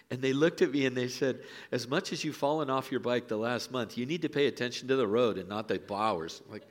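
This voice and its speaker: A pastor preaching a sermon in a church, telling folksy stories and dropping to hushed lines for emphasis. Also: male voice, mid-range voice. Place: church sanctuary.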